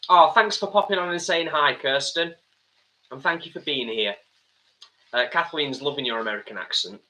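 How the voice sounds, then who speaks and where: Casting: man, higher voice with a bright edge, easygoing live-stream co-host. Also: normal speed, rough recording. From England. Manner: relaxed, reads viewer comments aloud. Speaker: cooking show co-host. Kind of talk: live cooking stream chat. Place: home kitchen.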